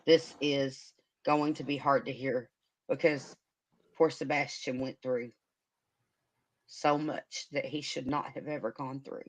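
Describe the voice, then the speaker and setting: Woman hosting a chat stream, emotional, lots of ums and pauses. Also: extremely low pitch, fairly even intonation. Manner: emotional, hesitant, many fillers. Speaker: livestream host. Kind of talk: casual livestream chat.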